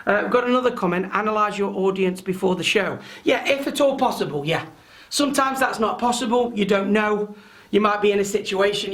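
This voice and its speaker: A loud man with a fairly high voice talks through a training webinar. He is chatty and keeps checking in with his listeners. He sounds like he is speaking into a computer mic on a video call. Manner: loud, chatty, frequent tag questions. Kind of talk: live online training talk.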